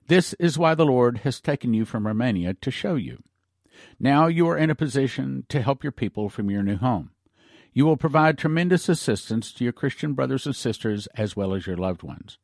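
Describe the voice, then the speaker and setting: A man reading aloud the part of a male angel who delivers a grave prophetic warning in measured pronouncements. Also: mid-range voice, lively intonation, darkish tone, no room sound, clean studio sound. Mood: solemn. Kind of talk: read-aloud story.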